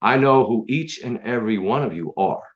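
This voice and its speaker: A man's voice: medium pitch, lively intonation, moderate pace. A man hosting his own stream, delivering an angry, profane, confrontational rant straight at his critics. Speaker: online stream host. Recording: dull lo-fi sound.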